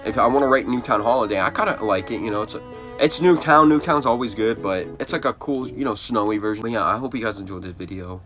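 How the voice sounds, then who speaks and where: A man's voice: on the low side, fast talker, a bit bright. Young man swearing through a storytime. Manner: profane, rambling storytelling. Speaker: gaming video creator. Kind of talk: casual storytime over gameplay. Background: guitar music.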